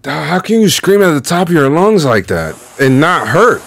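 A man's voice: a little high, big pitch swings, normal speed, vocal fry, background noise. A man hosting a reaction video, giving slangy, exasperated commentary.

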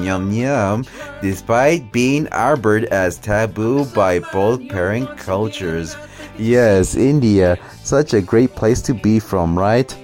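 A man's voice: mid-range voice, darkish tone. A man doing profane, mocking commentary over a video clip, with a sneering, swearing manner.

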